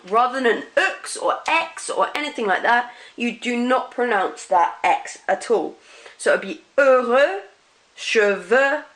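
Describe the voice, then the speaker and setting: A woman's voice: mid-range voice, a bit bright, poor audio. Woman teaching French pronunciation. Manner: patient, explanatory, models French words slowly. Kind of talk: classroom lesson video.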